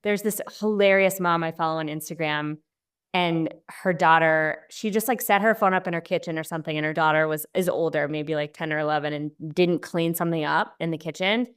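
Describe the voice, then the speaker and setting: Chatty woman podcast host, low voice. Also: brisk, clear, resonant tone. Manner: chatty, animated storytelling with voiced quotes. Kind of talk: casual interview chat.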